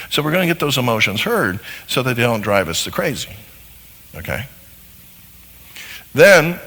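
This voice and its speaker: Man, live seminar talk, animated, gravelly, lively pitch, long hall reverb. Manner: animated, acts out little dialogues. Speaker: seminar speaker on marriage. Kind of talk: live teaching talk to an audience.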